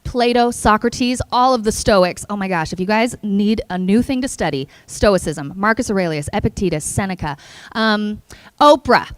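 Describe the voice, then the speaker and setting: A woman giving an energetic, playful motivational speech at a conference, engaging the audience. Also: mid-range voice, normal speed, no room sound. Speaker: keynote speaker. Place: conference hall.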